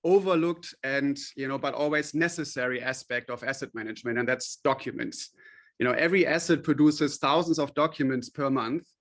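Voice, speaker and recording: A man's voice: fairly high pitch, a bit bright. Friendly male CEO guest. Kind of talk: radio interview.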